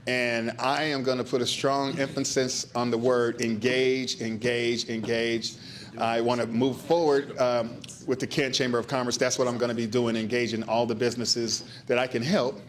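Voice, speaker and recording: A man hosting a business luncheon, giving chatty welcoming remarks and repeating words for emphasis. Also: medium pitch. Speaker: business engagement manager, event host. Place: meeting room at a luncheon.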